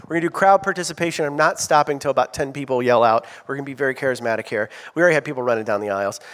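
A man preaching a sermon as pastor, animated, drawing call-out answers from the congregation. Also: mid-range voice, rapid-fire. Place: church sanctuary. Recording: long reverb of a church hall.

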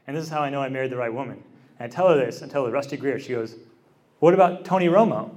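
A man in his thirties gives a talk in a relaxed, chatty way. He jokes through his stories and laughs at them before turning to his teaching. His voice sits at an ordinary middle pitch. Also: rapid-fire. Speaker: speaker giving a teaching talk. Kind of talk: casual storytelling then teaching.

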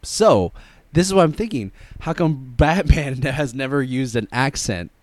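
A man's voice: mid-range voice, expressive, unhurried, dry recording. A man co-hosting a podcast in casual chat, rambling with many fillers and restarts. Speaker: podcast co-host.

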